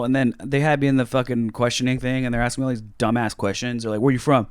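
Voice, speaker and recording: Young male podcast co-host from California, smooth voice, bone-dry close mic, casual profane storytelling. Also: mid-range voice, fairly even intonation, fast, dry recording.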